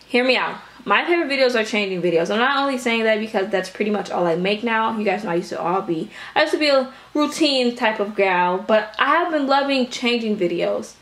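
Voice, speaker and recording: Young woman vlogger, rambling and chatty, slightly breathless, higher voice, echoey room. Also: fairly bright tone. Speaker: doll-collecting vlogger. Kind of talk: casual vlog chat.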